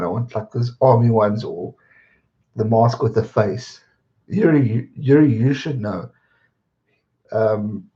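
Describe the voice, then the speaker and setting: A chatty man hosting a live stream from home, rambling loosely and greeting viewers as he reads their messages. His voice sits at an ordinary middle pitch. The stream audio is dull and lo-fi. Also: warm tone. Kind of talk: casual chat reading viewer comments.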